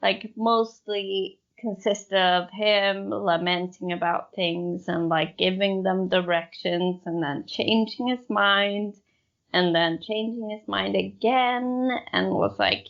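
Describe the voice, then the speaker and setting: Slow, gravelly woman podcaster. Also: medium pitch, lively intonation, lo-fi sound. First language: not English. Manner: storytelling, giggly, hesitant. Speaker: podcast co-host. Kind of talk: casual true-crime podcast chat.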